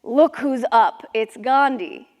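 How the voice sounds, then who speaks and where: Actress plays a caring middle-aged father, pitched high for a man, live stage with a long hall reverb. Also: takes it slowly. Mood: tender.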